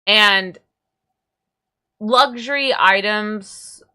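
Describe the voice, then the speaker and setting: A woman's voice: mid-range voice, extremely slow, bright, forceful tone, smooth. A young woman streamer chatting casually, rambling and tripping over her words. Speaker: VTuber streamer. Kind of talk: casual livestream chat.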